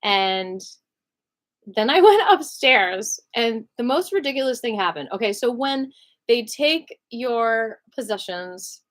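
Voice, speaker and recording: A young woman telling a personal story to camera in an emotional vlog, acting out the voices of the people in it. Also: takes it slowly. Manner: animated, acts out other people's lines with big pitch jumps.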